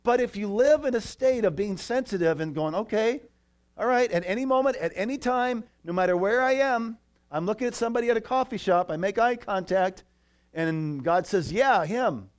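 A man preaching a sermon in a church, telling a story with lively asides to the congregation. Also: high-pitched, normal speed. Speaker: pastor.

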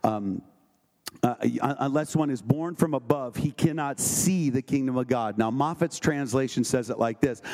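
In an evening sermon, a man with a medium-pitched, slightly mellow voice works his way through scripture. He reads verses aloud, pausing now and then to toss quick questions at the congregation, and his manner is conversational yet emphatic.

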